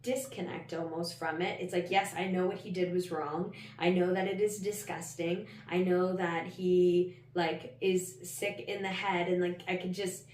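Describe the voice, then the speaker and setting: A woman's voice: on the low side, flat delivery, measured pace, few pauses, a little mellow, a little hiss or hum. A woman hosting her own podcast, telling a personal story in a candid, rambling way, full of "like" and the odd swear word. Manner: candid and rambling, heavy use of "like", frequent swearing. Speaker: podcast host. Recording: roomy, slightly distant mic.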